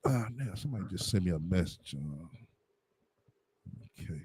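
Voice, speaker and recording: A man's voice: low voice, big pitch swings, moderate pace, darkish tone, slightly rough. A man giving blunt, profane livestream commentary, heavy on slang and fillers. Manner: blunt, combative, heavy on slang and "you know what I'm saying".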